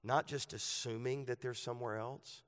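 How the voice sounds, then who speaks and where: Male pastor preaching, mid-pitched, conversational to emphatic, long hall reverb. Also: fairly even intonation, normal speed. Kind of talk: sermon. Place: church sanctuary.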